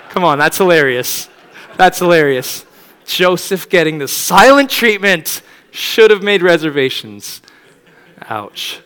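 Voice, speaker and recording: A man's voice: high voice, expressive, moderate pace, a bit bright, smooth, in a large hall. A man preaching a sermon in a conversational, reflective way, often asking rhetorical questions.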